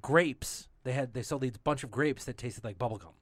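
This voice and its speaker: A man's voice: mid-range voice, normal speed, no echo, clean studio sound. A married man co-hosting a casual podcast chat, easygoing and agreeable, telling little anecdotes. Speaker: podcast co-host.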